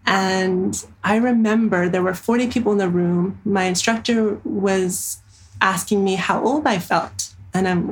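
A woman in her thirties, a somatic therapist, telling her story in an interview in an earnest, animated way with frequent fillers. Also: mid-range voice, normal speed, poor audio.

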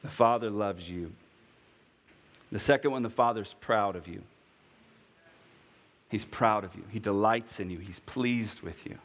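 A man's voice: unhurried, pauses often, fairly bright tone, in a large hall. A man in his thirties preaching a sermon, earnest and personal, rising to impassioned emphasis. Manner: earnest, builds to impassioned high-pitched preaching. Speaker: pastor.

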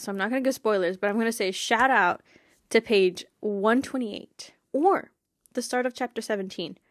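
A young woman chats on her podcast in a bubbly, giggly way, her sentences full of fillers. Her voice sits at an ordinary middle pitch for a woman. The sound is dry and close, with no room around it. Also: dry recording. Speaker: podcast host. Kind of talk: casual fan podcast chat.

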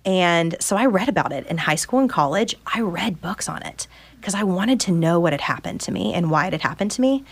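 A woman's voice: on the low side, expressive, fairly quick, slightly rough. A woman in her thirties, a podcast guest, telling her personal story openly and earnestly and acting out the people she quotes. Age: 30s. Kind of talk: candid personal storytelling in conversation.

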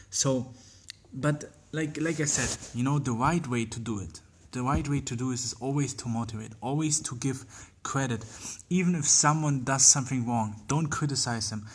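A man with a slightly husky voice speaks at a mid pitch. He hosts his own podcast, pressing the same point again and again with "like" and "you know" as he hunts for words. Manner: earnest, repetitive, many fillers and restarts. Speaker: podcast host. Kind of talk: casual motivational monologue.

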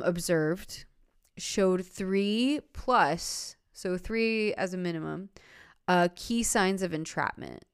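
A woman with a lowish, smooth, clean voice who rambles through a story in loose podcast chat and keeps dropping in filler words. The sound is dry and close, with no room echo. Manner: rambling, with many fillers and laughs. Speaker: podcast host.

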